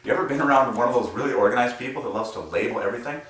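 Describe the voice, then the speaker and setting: A man hosting a casual explanatory monologue in a playful, animated way, often chuckling at his own asides. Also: mid-range voice, rapid-fire, a little hiss or hum. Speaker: channel host presenting number patterns. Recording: echoey room, mic set at a distance.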